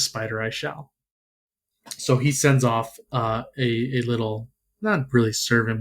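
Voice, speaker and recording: A man co-hosting a podcast, recapping and reading game lore casually with frequent restarts and fillers. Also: medium pitch. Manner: hesitant, many restarts and ums. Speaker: podcast co-host.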